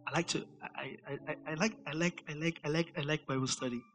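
A man preaching a verse-by-verse Bible study sermon, animated and rising to near-shouts for emphasis. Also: on the high side, quick pace, soft background music.

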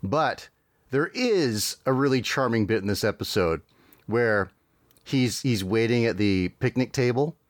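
A man's voice: mid-range voice, animated, a little slow, no echo, clean studio sound. A man hosting a podcast, chatting casually with many fillers and restarts. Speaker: podcast host.

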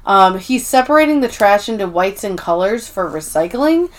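A woman co-hosting a podcast, recapping episodes in casual chat and acting out scenes in quick put-on voices. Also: mid-range voice, lively intonation. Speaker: podcast co-host.

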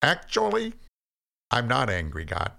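A man's voice: on the low side, very animated, normal speed, creaky, fairly bright tone, pitched above the performer's own voice, exaggerated voice. A man voicing a sarcastic, resentful young man whose anger keeps rising until he is nearly screaming, mocking in tone. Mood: tightly controlled.

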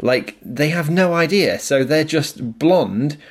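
A man's voice: on the high side, lively intonation, slow. A man co-hosting a casual film chat, talking freely and laughing often as he pokes fun at stereotypes. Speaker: podcast co-host.

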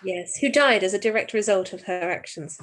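A woman's voice: medium pitch, a little fast, a bit bright. A woman co-hosting a podcast, chatting playfully and laughing often. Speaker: podcast co-host. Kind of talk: casual chat.

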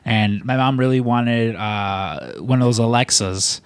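A man's voice: medium pitch, unhurried, clean tone, no echo. Exasperated man venting about family. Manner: exasperated, swears often, rambling. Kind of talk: casual storytelling chat.

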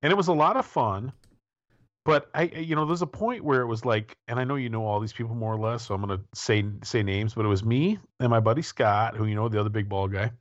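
A man's voice: mid-range voice, a little fast, dry recording, dull audio. A man in his forties hosting an interview show, chatting casually and jokily with lots of restarts. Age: 40s. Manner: rambling, joking, many restarts. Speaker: podcast host.

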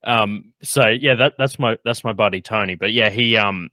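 A man's voice: on the low side, normal speed, pushed and bright, no room sound. A man hosting a podcast in casual chat, rambling with lots of fillers and frequent laughs. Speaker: podcast host.

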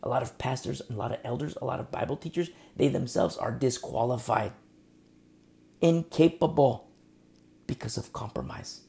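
Gravelly, earnest preaching man. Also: mid-range voice, fairly quick, hardly any pauses. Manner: swings between soft near-whispers and loud emphatic lines; earnest, direct, confrontational preaching. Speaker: pastor. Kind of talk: sermon.

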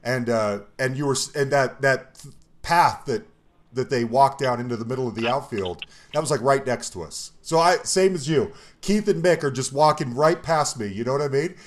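A man's voice: mid-range voice, animated, moderate pace. A man from Colorado hosting a podcast interview, laughing often and listening eagerly. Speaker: podcast host. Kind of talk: casual interview chat.

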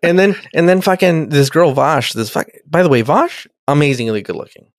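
A man co-hosting a casual chat, retelling a show scene by scene with lots of swearing and quick voices for the characters. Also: fairly high pitch, expressive, no room sound, studio quality. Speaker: podcast co-host recapping an episode.

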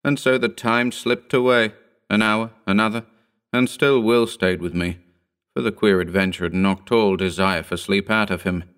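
A man reads a horror short story aloud, measured and solemn. His voice sits on the low side, and he lets each sentence unfold steadily. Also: steady tone, a bit bright, clean tone. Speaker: reader.

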